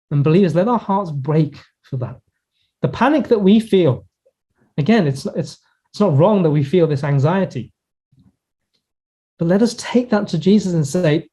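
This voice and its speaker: A male pastor delivers a sermon in an earnest, reflective manner, stretching out key words for emphasis. His voice sits a little high for a man yet sounds mellow and warm. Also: husky, muffled recording. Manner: earnest, reflective preaching with pauses and slowed emphasis. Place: church in Hong Kong.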